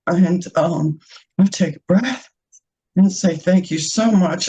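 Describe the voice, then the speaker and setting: A woman's voice: on the low side, takes it slowly, mellow, low-quality recording. A woman in an online group share, crying and heartfelt, laughing through her tears. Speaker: participant. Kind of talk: emotional personal share.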